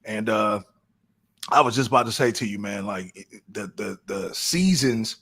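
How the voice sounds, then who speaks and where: A man's voice: medium pitch, bright, forceful tone, slightly rough. Laid-back streetwise male podcast host. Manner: laid-back, streetwise slang, frequent restarts. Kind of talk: casual podcast chat.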